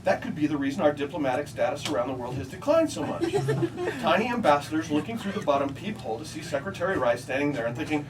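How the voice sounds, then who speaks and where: Middle-aged man, wry deadpan storyteller, fairly high voice, distant mic, loud crowd laughter. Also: fast talker. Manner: wry, deadpan comic delivery. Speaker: author at a book signing. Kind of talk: comic reading and storytelling to an audience. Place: bookstore event room with a live audience.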